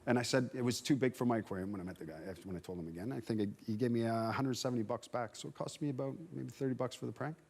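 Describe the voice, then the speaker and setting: Fast-talking man telling a wild story. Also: mid-range voice, vocal fry. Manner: animated anecdote teller, acts out dialogue. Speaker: panelist and former player. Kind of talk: casual storytelling on a sports panel.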